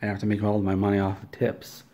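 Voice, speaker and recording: A man's voice: fairly low pitch, monotone, fast, mellow, close to an everyday voice. A man voicing a blunt young woman cook in his own offhand, everyday voice during a comic story.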